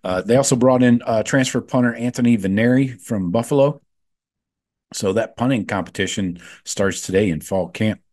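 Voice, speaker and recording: A man's voice: fairly low pitch, moderate pace, a little mellow. A man hosting a sports podcast, chatting casually with lots of fillers and frank opinions. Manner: offhand, filler-heavy, gives frank opinions.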